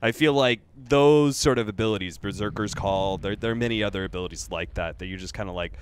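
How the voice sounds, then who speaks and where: A man's voice: fairly low pitch, fast talker, a little hiss or hum. A man casting an online game match, mixing rambling casual banter with play-by-play. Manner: rambling, animated, many restarts. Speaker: esports caster.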